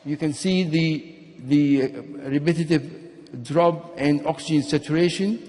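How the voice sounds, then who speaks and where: A man delivers a medical conference lecture in a fairly high voice. He explains things steadily and now and then restarts a phrase. His voice carries a long echo from the lecture hall. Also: measured pace. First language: Arabic. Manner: explanatory, steady, sometimes restarts and repeats words. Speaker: physician giving a conference talk.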